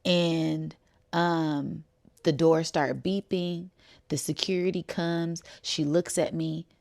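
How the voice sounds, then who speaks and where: Woman, low voice, animated storyteller, acts out voices, laughs a lot. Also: slow pace, vocal fry. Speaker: spiritual channel host. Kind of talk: casual storytelling to viewers.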